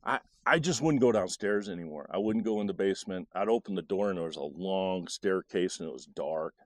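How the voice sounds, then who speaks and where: Recalling his own childhood, a middle-aged man speaks with an animated, rising-and-falling pitch. His telling is halting, full of restarted phrases, captured in a close, dry recording free of room sound.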